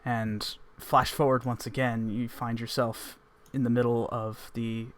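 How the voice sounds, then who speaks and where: A man's voice: mid-range voice, little pitch movement, a little slow. A man running a tabletop game as game master, narrating in a loose, rambling descriptive way.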